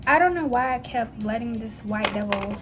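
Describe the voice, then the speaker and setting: A woman's voice: fairly high pitch, expressive, moderate pace, noisy background. A young woman in her twenties telling a blunt, profane storytime rant in a casual vlog. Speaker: vlogger. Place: dim room at home.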